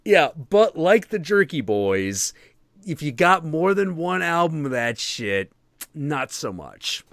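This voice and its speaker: A man's voice: on the high side, very animated, slow pace, gravelly, a bit bright, no room sound, clean studio sound. A man hosting a stream, chatting casually with loose swearing. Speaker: stream host. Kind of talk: casual profane chat.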